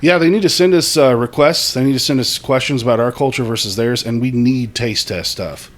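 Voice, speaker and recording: A man's voice: medium pitch, brisk. A man co-hosting a podcast, trading playful jokes in casual chat. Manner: jokey, playful banter. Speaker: podcast co-host.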